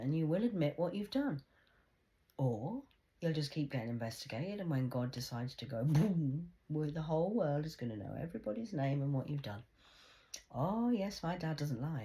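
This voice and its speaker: Agitated woman ranting, whispering and shouting. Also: deep voice. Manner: agitated, swings between hushed whispers and loud outbursts; repetitive, stumbling restarts. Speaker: vlogger. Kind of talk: ranting monologue to camera.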